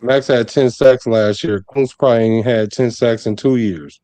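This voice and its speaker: Brief: matter-of-fact co-host, low, mellow voice, dry close sound. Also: male voice, steady tone, moderate pace, no echo. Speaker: podcast co-host. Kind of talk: casual podcast chat.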